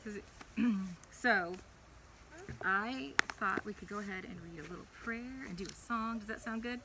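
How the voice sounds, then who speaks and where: A young woman leading a preschool chapel, reading a Bible story to young children in a playful, animated way. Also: mid-range voice, normal speed, noisy background.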